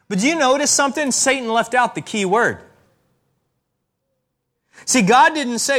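A man preaching a sermon as a pastor, with emphatic rises and slow, stressed repetitions. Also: very high-pitched, lively intonation, pushed and bright.

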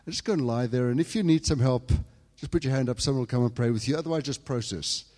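A man from England preaching a sermon, telling a personal story and swinging between hushed, quiet passages and loud, fervent outbursts. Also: mid-range voice, fast talker, long reverb tail.

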